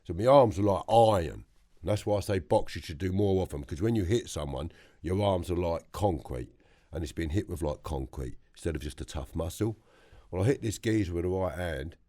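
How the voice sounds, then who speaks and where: A man with a London accent telling his story as a podcast guest, blunt and animated, swearing freely. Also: sits low, brisk. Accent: London English. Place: podcast studio.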